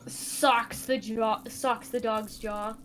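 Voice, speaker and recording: A woman playing a tabletop game, excitable and giggly. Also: fairly high pitch, slow pace, slight background noise. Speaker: player. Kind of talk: tabletop play.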